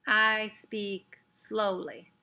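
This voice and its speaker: A woman voicing a tiny, fierce adult warrior man who growls short, clipped words very slowly. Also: mid-range voice, flat delivery, vocal fry, pushed and bright, exaggerated voice. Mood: gruff.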